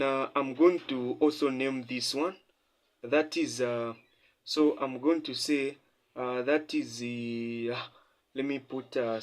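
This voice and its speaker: A male tutor explaining a geography calculation, repeating key points for emphasis and quizzing listeners as he sketches. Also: mid-range voice. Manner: repetitive, quizzing listeners with "the what?" and "have you seen?". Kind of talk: math lesson at a whiteboard.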